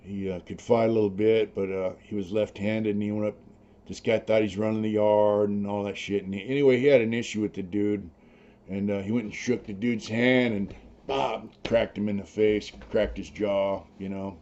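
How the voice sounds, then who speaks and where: A middle-aged man with a low, dark voice tells prison stories in a blunt, streetwise way, swearing freely. The audio is slightly dull and lo-fi. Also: fairly even intonation, normal speed, slight background noise. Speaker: former prisoner telling his story. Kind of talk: casual storytelling, profane.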